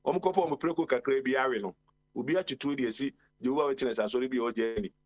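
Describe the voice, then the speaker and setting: A man's voice: medium pitch, quick pace. A man speaking as a guest on a radio talk show, giving a long rambling monologue full of exclamations. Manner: rambling, exclamatory, often calls out "Papa".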